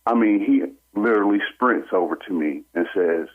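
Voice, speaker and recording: Low husky man on a phone line. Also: moderate pace. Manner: animated storyteller who acts out what others said. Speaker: caller. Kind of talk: telling a personal story on a call-in radio show. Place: on a phone call into a radio show. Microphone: telephone.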